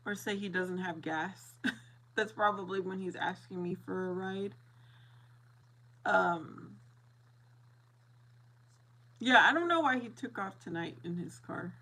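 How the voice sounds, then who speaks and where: A middle-aged woman chats casually with her viewers, telling a story with lively, animated delivery and frequent laughter. She plays out both sides of the exchange herself. Her voice is bright and forward, at an ordinary middle pitch. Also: slow, pauses often, low-quality recording. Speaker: streamer chatting with viewers.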